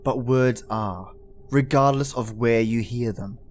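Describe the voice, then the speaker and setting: Somber man narrating a dark first-person tale with raw emotion. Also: medium pitch, a little slow.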